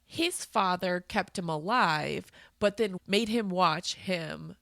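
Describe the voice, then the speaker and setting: A woman's voice: fairly low pitch, slow pace, gravelly, a bit bright, no room sound, studio quality. A woman co-hosting a podcast, discussing a book in casual, reflective chat. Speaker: podcast co-host.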